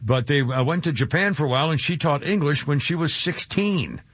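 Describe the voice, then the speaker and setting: A male radio talk host rambles and jokes, stumbling through hesitations and restarts. His voice sits at an ordinary pitch. It comes across dry and a little dull, like lo-fi broadcast audio. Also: fairly quick, fairly bright tone, husky, dry recording. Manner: rambling, full of filler and restarts, jokey. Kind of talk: casual radio chat.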